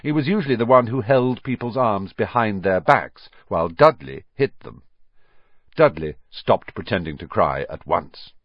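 Man narrator, expressive audiobook read, husky, dry dull sound. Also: lowish voice, normal speed, no room sound. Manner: expressive, lively storytelling.

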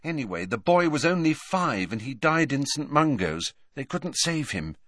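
A man voicing a brisk, impatient, clever teenage girl in an audiobook. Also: mid-range voice, very animated, a bit bright, no room sound, studio quality, voice pushed up. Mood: grave.

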